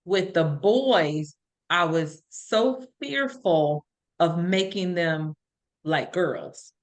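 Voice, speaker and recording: A woman's voice: on the low side, extremely slow. A middle-aged woman hosting a podcast, telling stories in an earnest, reflective way in casual conversation. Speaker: podcast host.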